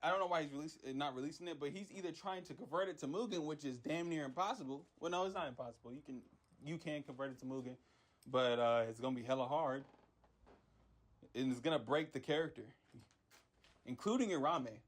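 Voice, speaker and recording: A man's voice: a little high, fast talker. A young man who makes game characters, ranting in a rambling, frustrated way with lots of slang and repeated words. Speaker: MUGEN character creator. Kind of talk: casual ranting vlog.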